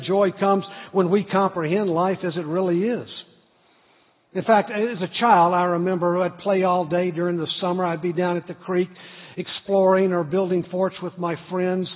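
Man, pastor, earnest storytelling sermon, husky voice, tinny sound. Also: high voice. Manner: storytelling, earnest, builds to loud emphasis. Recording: tinny echoey hall recording.

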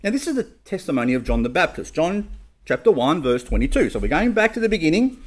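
A man's voice: fairly high pitch, big pitch swings, fast talker. A man preaching a sermon, reading King James scripture aloud and putting questions to his listeners before answering them himself. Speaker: pastor.

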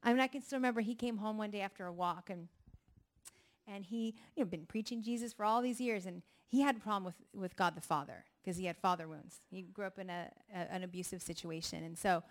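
Middle-aged woman, testimony speaker, animated storyteller who acts out voices. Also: mid-range voice, fast talker. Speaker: speaker at a ministry gathering. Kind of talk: personal testimony talk.

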